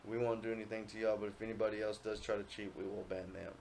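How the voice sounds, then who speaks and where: A young man hosting a casual podcast chat, swearing freely and getting loud when he tells gaming stories. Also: on the low side, quick pace, vocal fry, a little hiss or hum. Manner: profane, animated storytelling, yells when quoting himself. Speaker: podcast host.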